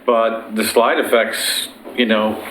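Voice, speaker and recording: A man's voice: lowish voice, little pitch movement, slow, a bit bright. Man, probing questions, echoey council room, faint noise. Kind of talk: public meeting questions.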